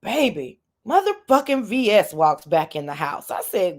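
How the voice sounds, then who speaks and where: A woman hosting a livestream, giving profane, animated commentary, reading viewer messages. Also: mid-range voice, a little slow. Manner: animated, profane, reads chat aloud. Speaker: livestream host. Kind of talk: casual commentary chat.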